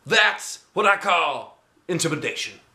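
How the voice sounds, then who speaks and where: A man voicing a showy male self-defense teacher who thinks he is an action hero, talking loud and booming. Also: big pitch swings, measured pace, full character voice. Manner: loud, booming, shouts battle cries.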